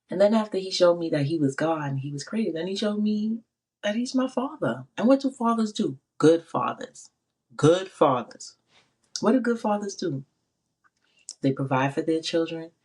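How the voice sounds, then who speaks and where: A woman's voice: lowish voice, animated, moderate pace, long pauses, darkish tone, husky. A middle-aged woman giving a personal faith testimony, emphatic and repeating her phrases. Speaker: faith speaker.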